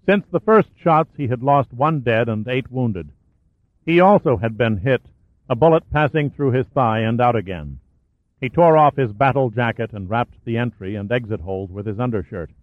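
A man reading a war thriller aloud as an audiobook narrator, in a steady storytelling voice. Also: medium pitch, moderate pace, no echo. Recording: dry, phone-like lo-fi sound.

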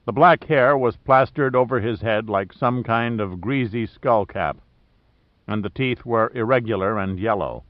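A man narrating an audiobook in a steady, even-paced voice at an ordinary pitch. The recording is dry, with no room sound, and a bit dull and muffled in tone. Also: no room sound. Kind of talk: scripted narration.

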